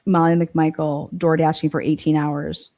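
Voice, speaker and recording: A woman's voice: deep voice, flat delivery, normal speed, mellow. A woman giving blunt, profane, incredulous commentary on a true crime livestream.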